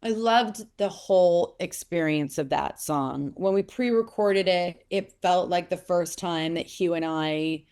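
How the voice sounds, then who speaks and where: A woman in her forties speaks in an interview, with a somewhat low voice. She rambles through stories, restarts her sentences and grows animated as she goes. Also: measured pace, hardly any pauses, smooth. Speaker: actress being interviewed. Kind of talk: casual interview talk.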